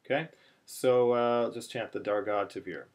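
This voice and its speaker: A man teaching a chanting lesson, talking slowly through many fillers and restarts, then breaking into short chanted phrases. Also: mid-range voice, darkish tone. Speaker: cantillation teacher. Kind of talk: chanting lesson, spoken explanation with chanted examples. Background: phone ringing in the background.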